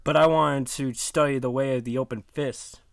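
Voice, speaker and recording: A man's voice: mid-range voice, steady tone, moderate pace, vocal fry, dry recording, studio quality. A man playing a tabletop game, talking in character in a blunt, impatient way. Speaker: player.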